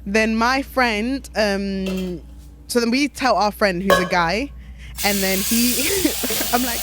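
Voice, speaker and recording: A woman, co-hosting a podcast and telling a story in a chatty, animated way. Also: mid-range voice, takes it slowly, very noisy. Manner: animated, chatty, lots of fillers. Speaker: podcast co-host. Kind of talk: casual storytelling.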